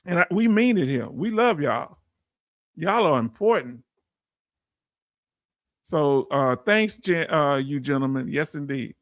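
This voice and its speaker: A man hosting a casual livestream, reading viewer comments aloud and giving heartfelt shout-outs. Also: on the high side, animated, slow, pauses often, no room sound, clean studio sound. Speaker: livestream host.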